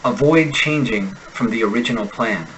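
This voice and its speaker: A man's voice: medium pitch, fairly bright tone, slight background noise, low-quality recording. American man reading pronunciation drills. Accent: General American. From United States. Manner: slow, deliberate enunciation of sample words. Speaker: accent instructor. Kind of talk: reading example sentences in a pronunciation lesson.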